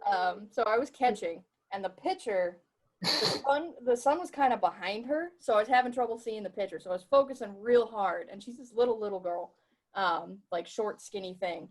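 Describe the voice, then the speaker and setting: A woman with a Rhode Island accent, co-hosting a podcast and telling stories in a lively, wry way. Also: medium pitch, moderate pace. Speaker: podcast co-host. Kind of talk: casual chat.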